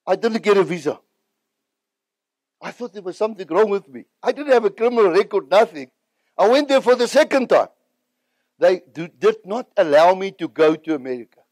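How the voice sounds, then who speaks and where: A South African evangelist with a high, light voice recounts his own story with earnest feeling. The recording is close and dry, with no room echo. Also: animated, fairly quick, long pauses, a little mellow. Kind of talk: personal testimony.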